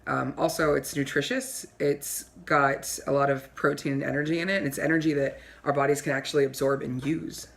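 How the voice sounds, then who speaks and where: A woman's voice: extremely low pitch, steady tone, fairly quick, creaky, hardly any pauses. Woman dairy farmer from Pennsylvania, friendly, matter-of-fact, casual. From Pennsylvania, USA. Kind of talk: casual explaining in a comedy sketch.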